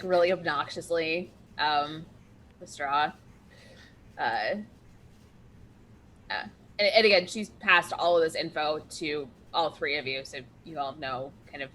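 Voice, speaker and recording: Female player, lowish voice, chatty, laughs easily. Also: fairly bright tone, a little hiss or hum. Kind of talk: casual tabletop role-play.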